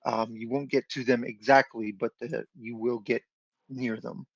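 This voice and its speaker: A man running an online tabletop game as dungeon master, giving measured rulings and thinking aloud. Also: medium pitch, level tone, husky, no echo. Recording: dry lo-fi online call audio.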